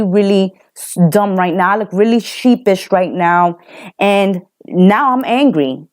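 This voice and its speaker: A woman reading tarot cards for a general audience, speaking at an unhurried, deliberate pace. She is emphatic and repeats herself for effect. Her pitch sits in an ordinary middle range. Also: darkish tone. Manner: emphatic and repetitive, acts out quotes. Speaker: tarot reader.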